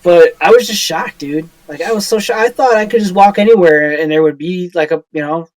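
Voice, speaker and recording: A man's voice: sits high, fairly quick, no room sound, low-quality recording. A man co-hosting a podcast in casual chat, rambling and swearing, with lots of filler words. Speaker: podcast co-host.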